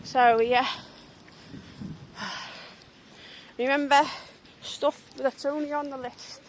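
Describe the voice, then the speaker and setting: Woman, young adult, high-pitched, agitated, swearing, vlog rant, noisy outdoor traffic. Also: fairly even intonation, extremely slow. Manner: agitated, swearing, retelling an argument. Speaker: tour guide vlogger. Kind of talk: ranting vlog monologue.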